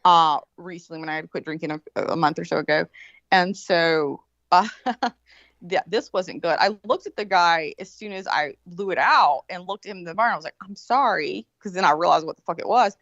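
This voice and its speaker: Brief: woman, podcast co-host, animated and profane storyteller, dry muffled lo-fi sound. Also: on the low side, fairly quick, no echo. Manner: profane, animated, acts out quoted voices. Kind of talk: casual storytelling. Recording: slightly muffled, dry lo-fi audio.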